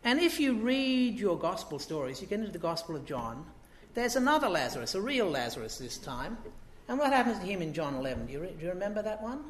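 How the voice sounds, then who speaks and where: A man's voice: sits high, sing-song, fast talker, slight background noise. Chatty preacher man in an echoey church. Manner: conversational, asks rhetorical questions, acts out quotes. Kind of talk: sermon.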